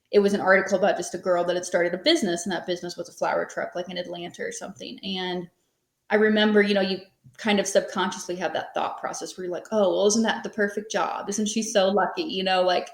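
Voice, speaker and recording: A woman in her thirties, a podcast guest, telling her story in a rambling, conversational way full of fillers. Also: fairly low pitch. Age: 30s. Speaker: podcast guest, small business owner. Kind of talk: casual interview storytelling. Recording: echoey room.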